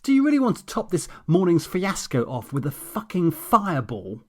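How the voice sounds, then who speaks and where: A man's voice: high-pitched, wildly swooping pitch, normal speed, darkish tone, pitched above the performer's own voice, full character voice. A man voicing an exasperated, contemptuous young woman who swears in disbelief.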